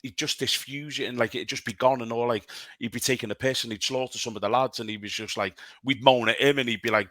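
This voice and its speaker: A man's voice: medium pitch, fairly even intonation, quick pace, fairly bright tone, dry recording. A man, a former footballer co-hosting a podcast, telling rambling, sweary anecdotes in casual chat. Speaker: podcast co-host, former player.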